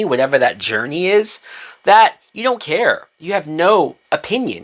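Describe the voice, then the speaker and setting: A male movie reviewer in the middle of a heated rant. He swears freely, and his voice jumps up in pitch and loudness when he wants to hammer a point home. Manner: heated, profane, emphatic swings in pitch and loudness.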